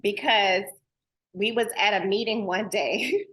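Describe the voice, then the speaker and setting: In an unhurried, mid-range voice with a slightly bright quality, this woman host addresses her listeners directly and informally. Her delivery is earnest, emotional, and homey, sprinkled with plenty of "girl" and "y'all."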